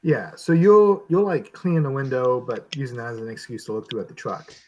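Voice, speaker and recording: A man's voice: mid-range voice, fairly quick, darkish tone, a little hiss or hum. A man running a tabletop game as game master, narrating scenes with frequent hesitations and fillers. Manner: hesitant, lots of ums.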